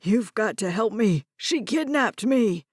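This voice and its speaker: A woman voicing a confused, frightened old grandfather who screams and shouts in panic. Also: on the high side, animated, measured pace, no echo, clean studio sound. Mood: panicked.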